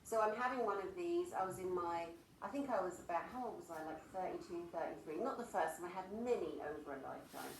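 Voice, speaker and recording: A woman's voice: fairly low pitch, fast, hardly any pauses, reverberant, distant mic, crowd noise, low-quality recording. A woman hosting an interview, sharing her own experience in a chatty, reflective way. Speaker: interview host. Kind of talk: casual conversation.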